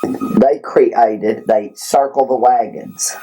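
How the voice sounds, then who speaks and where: A man's voice: mid-range voice, wildly swooping pitch, takes it slowly, dark tone, slight background noise, poor audio. A man in his fifties with a Southern US accent, a guest in a hotel room, telling stories animatedly and acting out the voices of the people in them. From Tennessee, USA. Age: 50s. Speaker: interview guest. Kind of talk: animated storytelling.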